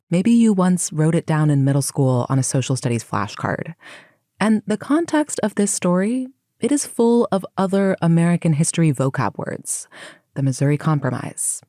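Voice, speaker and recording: Podcast host, woman, lowish voice, measured scripted history narration with dramatic pauses. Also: mellow, no room sound, studio quality.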